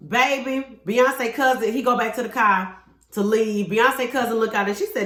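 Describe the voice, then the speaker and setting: A woman reviews a TV episode in a relaxed, gossipy recap. She talks to her viewers with sassy asides, in a voice a bit higher than most. The room around her is echoey. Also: moderate pace. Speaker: TV show reviewer.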